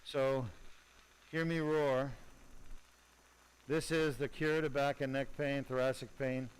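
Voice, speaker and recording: A man's voice: medium pitch, little pitch movement, slow, clear, resonant tone, low-quality recording. Blunt, jokey middle-aged male surgeon. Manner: blunt, opinionated, jokey asides to viewers. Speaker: spine surgeon. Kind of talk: live-streamed surgery commentary.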